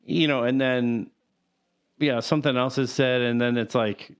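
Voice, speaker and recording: A man's voice: medium pitch, steady tone, a little slow, clear, resonant tone. A man with an average voice in easy conversation, retelling movie moments in a loose, meandering way. He strings his thoughts together with plenty of casual fillers. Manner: rambling, filler-heavy recounting with laughs. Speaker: podcast co-host. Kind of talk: casual chat.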